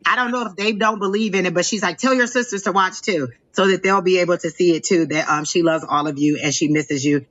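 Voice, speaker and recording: A woman's voice: fairly low pitch, fairly even intonation, fast, few pauses, a bit bright, highs cut off. A woman psychic medium giving a live reading, gushing and emotional, repeating exclamations of delight.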